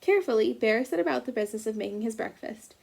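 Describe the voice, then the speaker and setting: A woman reads a picture book aloud to young children, her voice high and touched with gravelly fry. She reads gently and stops now and then to ask the listeners what they think will happen. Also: lively intonation, fast. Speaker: teacher reading aloud.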